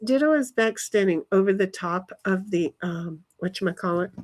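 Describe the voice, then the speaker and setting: A woman's voice: medium pitch, normal speed. A woman live streaming from her backyard, rambling casually to herself and her chat and swearing now and then. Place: backyard, outdoors.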